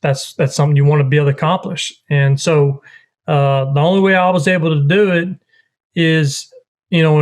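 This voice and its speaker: A man casually explaining duck calling drills, repeating each step as he talks. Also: a little high. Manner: rambling, repeats steps while explaining. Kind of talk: casual instructional chat.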